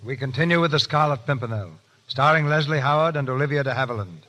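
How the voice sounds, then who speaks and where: A man's voice: mid-range voice, fast, rough recording. A man announcing and narrating an old radio play in a formal, declamatory manner. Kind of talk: scripted narration. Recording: old radio broadcast with violin music.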